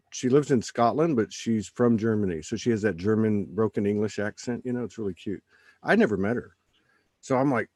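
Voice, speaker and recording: A man hosting a casual spiritual podcast, telling stories in an animated way. He often acts out his own lines and other people's. His voice sits at a middle pitch and sounds close and dry. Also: no room sound. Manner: animated storytelling, quoting himself and others. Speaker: podcast host.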